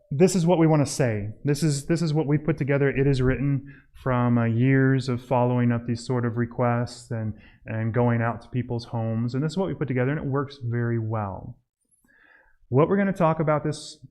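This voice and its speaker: A man teaching a church group how to make home visits, talking casually and acting out doorstep scenes in a raised, lively voice. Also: mid-range voice. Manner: admits he mumbles when tired. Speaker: church outreach trainer. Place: church hall.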